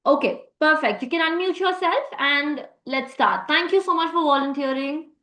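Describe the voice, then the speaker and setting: A woman's voice: sits high, moderate pace, pushed and bright, roomy sound, poor audio. A woman teaching a live online French class, encouraging students and praising them often. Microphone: video call.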